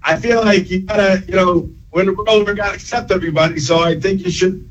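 A man's voice: sits high, fairly even intonation, fast talker, muffled recording, a crowd in the background. A middle-aged man calling in to a radio show, talking in an easygoing, hesitant way. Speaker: caller. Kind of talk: casual chat.

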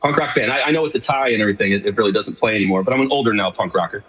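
A man's voice: lowish voice, very fast, breathy edge. A middle-aged man from New York, a guest on a radio interview, talking casually with lots of fillers and restarts. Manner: rambling, many fillers and restarts. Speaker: guest, show co-host. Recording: distant remote line with long reverb, dull.

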